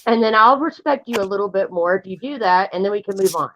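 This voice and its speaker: A woman's voice: medium pitch, expressive, fast, fairly bright tone, no echo. A woman co-hosting a livestream in casual chat, blunt and opinionated, talking at length. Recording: dull lo-fi stream audio.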